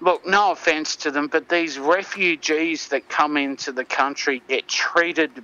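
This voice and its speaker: An Australian man calls in over the internet to co-host a casual chat, meandering, swearing, and using lots of fillers. His voice is a little high and steady, a little slow, with a sharp tone and lo-fi sound.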